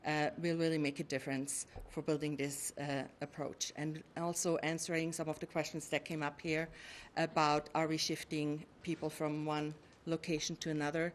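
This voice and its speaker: A woman who directs a city social services division gives public hearing testimony in an earnest, measured way, with frequent pauses and fillers, at a podium microphone. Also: deep voice, level tone, a little hiss or hum.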